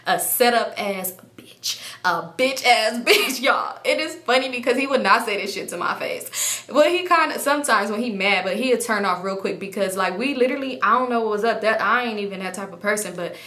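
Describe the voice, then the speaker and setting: Bright-voiced woman telling a story. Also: a little high, fairly quick, echoey room. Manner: animated, acts out other people's lines; swears freely. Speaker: storytime vlogger. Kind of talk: casual storytelling.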